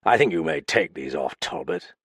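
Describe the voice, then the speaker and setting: A man reading as a proud, aloof older gentleman with a harsh, stiff, formal way of speaking, in an audiobook. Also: a bass voice, animated, normal speed, slightly rough, no room sound, clean studio sound, pitched below the performer's own voice, exaggerated voice. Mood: stiff, cold. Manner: clipped formal speech.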